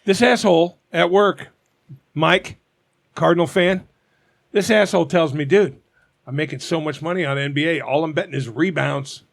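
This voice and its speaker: A man's voice: a little high, normal speed, vocal fry. A man with a Cincinnati accent, co-hosting a podcast in a blunt, profane, grumbling way. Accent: Cincinnati, Ohio. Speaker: podcast co-host. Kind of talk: casual chat.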